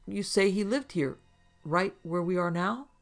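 A man's voice: sits high, measured pace, vocal fry, faint music behind, voice pushed up. A man voicing a curious, educated outsider who asks questions in plain standard speech.

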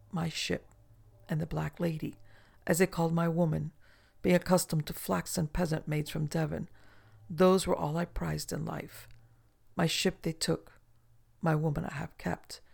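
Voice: mid-range voice, level tone, a little slow, creaky, a little mellow, breathy edge, heavily acted. A reader voicing an icy, drawling old pirate captain. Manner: drawling, menacing courtesy.

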